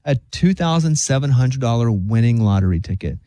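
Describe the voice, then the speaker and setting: A man's voice: mid-range voice, brisk, no echo. A man hosting a radio show, chatting casually and joking as he reads stories out. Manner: joking, animated storyteller who slips into silly voices.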